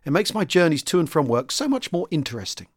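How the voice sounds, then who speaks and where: A man hosting a podcast, reading a listener's story and sign-off in a lively, expressive way. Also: fairly high pitch, fast talker, dry recording, studio quality. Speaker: podcast host.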